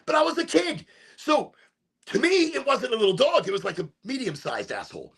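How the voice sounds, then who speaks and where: A middle-aged man from Chicago telling a rambling story on a live stream, animated and swearing, with sudden shouts when he acts out voices. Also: extremely high pitch, fairly quick. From Chicago, USA. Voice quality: gravelly and husky. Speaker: streamer hosting a smoke session.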